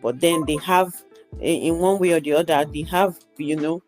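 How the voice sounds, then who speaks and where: Woman, student, hesitant, restarts, slightly low voice, video call, faint music behind. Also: steady tone, normal speed, darkish tone. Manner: hesitant, many restarts and fillers. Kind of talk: answering in an online class.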